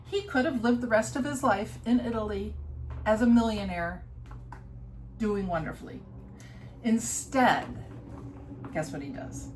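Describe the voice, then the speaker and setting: A woman's voice: a little high, unhurried, long pauses, slight background noise, low-quality recording. A woman co-hosting a casual podcast, telling a history story and quizzing her co-host along the way. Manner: lively storyteller, poses questions to her co-host.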